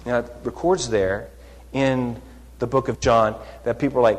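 A man preaching a sermon, unhurried, acting out quoted lines with rising emphasis. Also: mid-range voice. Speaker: pastor. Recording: long hall reverb.

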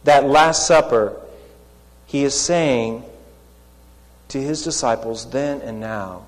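A man preaching a sermon, unhurried, acting out quoted lines with rising emphasis. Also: mid-range voice. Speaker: pastor. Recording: long hall reverb.

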